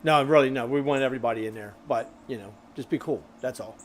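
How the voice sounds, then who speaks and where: Talking fast at a medium pitch, a man hosts a grilling live stream over a faint hiss or hum. His chatter about viewer comments is loose and full of fillers, and he's a little short of breath.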